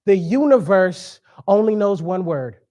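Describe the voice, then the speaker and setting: High-voiced man preaching with humor. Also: animated, measured pace, darkish tone. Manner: conversational, joking, emphatic preaching. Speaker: guest speaker. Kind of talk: sermon.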